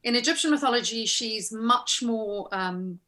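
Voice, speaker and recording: A woman's voice: on the high side, a little slow, sharp tone. A woman being interviewed as a guest actress. She tells her stories casually, acting out the lines people said and laughing often. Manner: chatty, acts out quoted exchanges, laughs often.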